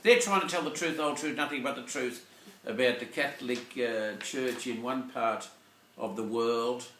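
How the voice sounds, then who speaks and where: Rambling older priest in an echoey room. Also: male voice, medium pitch, normal speed, fairly bright tone, recorded from a distance, slight background noise. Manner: rambling and digressive, searching for words. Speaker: Catholic priest. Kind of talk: informal Sunday reflection.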